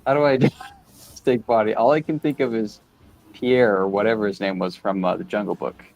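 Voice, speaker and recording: A man's voice: fairly low pitch, steady tone, moderate pace, darkish tone. A man hosting a casual chat while drawing, playful and goofy, with mock-offended banter. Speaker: host.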